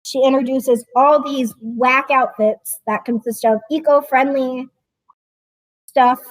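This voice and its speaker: A woman with a high voice in casual chat, teasing and laughing as she recounts things. The sound is close and dry. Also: fairly even intonation, slow, no room sound, rough recording.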